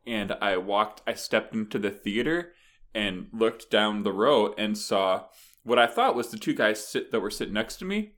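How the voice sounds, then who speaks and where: A man co-hosting a podcast, telling an animated story in casual chat, laughing often and acting out the people in it. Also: fairly low pitch. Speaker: podcast co-host.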